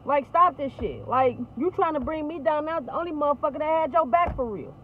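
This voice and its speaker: A woman's voice: high-pitched, fairly quick. A woman venting in casual, profane talk on a phone call, laughing often. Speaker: vlogger. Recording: tinny phone line, faint noise.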